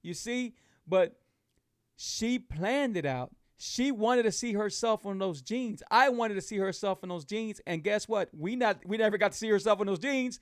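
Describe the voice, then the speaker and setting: A middle-aged man with a drawl sits close to the mic and talks to his viewers in a casual live chat. His voice sits unusually high for a man, and the sound is dry and close, with no room around it. He hammers his points home and repeats them like a preacher. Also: normal speed, no room sound. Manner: emphatic, repetitive, preachy encouragement. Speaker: host of a keto lifestyle show.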